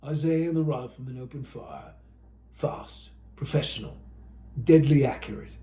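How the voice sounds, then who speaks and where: A man's voice: medium pitch, moderate pace, warm tone. Dramatic male audiobook narrator, echoey.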